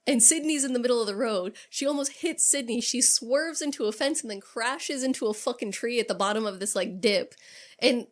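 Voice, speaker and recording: A woman's voice: a little high, fairly quick. A woman co-hosting a podcast, casually retelling a horror movie scene by scene, with frequent swearing and acted-out quotes. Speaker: podcast co-host. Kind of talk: casual movie recap chat.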